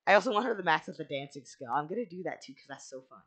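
A let's play host giving casual gameplay commentary, excitable, with goofy mild exclamations and bursts of squealing shouts. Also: mid-range voice, very fast, husky.

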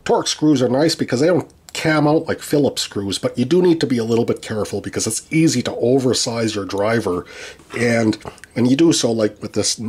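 A man's voice: mid-range voice, fairly quick, darkish tone, breathy edge. A man narrating a tool teardown with dry, wry humor and frequent restarts. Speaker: tool reviewer.

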